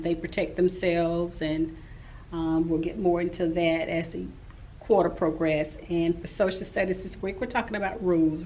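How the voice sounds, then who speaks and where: Woman, forties, teacher vlogging, rambling talk, fairly low voice, faint background noise. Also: a little mellow, low-quality recording. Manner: rambling and talkative. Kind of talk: casual vlog recap.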